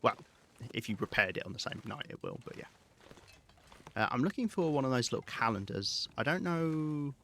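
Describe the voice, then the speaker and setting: A man giving live gameplay commentary, rambling and thinking aloud with hesitant pauses. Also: mid-range voice, sing-song, fairly bright tone, slight background noise. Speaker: game streamer.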